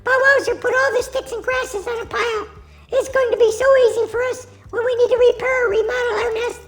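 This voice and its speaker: A woman's voice: extremely high pitch, steady tone, a little fast, fairly bright tone. A woman voicing a sweet little bird in a kids' puppet show, chirping tweet tweet and beep beep. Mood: chirpy.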